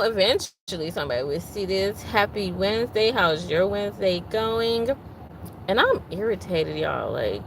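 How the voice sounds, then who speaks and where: A woman's voice: mid-range voice, lively intonation, normal speed, vocal fry, a little hiss or hum, poor audio. A woman hosting a casual livestream, chatting and venting while greeting viewers by name. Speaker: livestream host.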